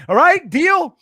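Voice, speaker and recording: A man from New Jersey hosting a casual sports livestream, a loud, excitable storyteller who laughs often. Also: very high voice, no room sound, studio quality. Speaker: podcast host.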